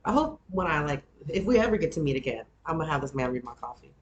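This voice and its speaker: A woman hosting a podcast in casual chat, talkative and animated, her voice jumping up high when she gets excited. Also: fast talker, dull audio, a little hiss or hum. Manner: chatty, animated, jumps up in pitch when excited. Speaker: podcast host.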